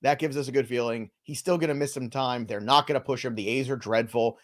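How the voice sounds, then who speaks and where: A man's voice: medium pitch, fairly even intonation. A man co-hosting a live fantasy baseball stream, chatting casually and joking between player updates. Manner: loose, joking banter with quick asides.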